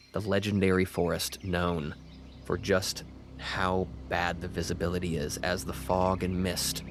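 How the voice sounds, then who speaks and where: A man with a very deep voice runs a tabletop game as its game master. He narrates the journey in a steady, descriptive way. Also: noisy background.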